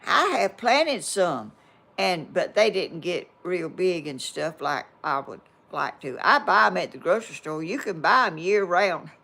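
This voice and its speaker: Slow-talking older woman. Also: fairly low pitch, sing-song, creaky, sharp tone. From Georgia, US. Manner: homespun, meandering, reads viewer comments aloud. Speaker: vlogger. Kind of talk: rambling personal storytelling.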